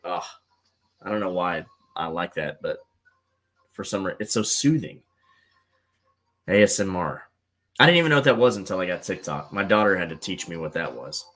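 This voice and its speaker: A middle-aged man hosts a live call-in stream and chats loosely with viewers. His voice sits low but swings widely up and down in pitch. He rambles, repeats himself and leans on plenty of fillers. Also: expressive, moderate pace, long pauses, a bit bright. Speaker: host of a live call-in show. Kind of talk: casual livestream chat.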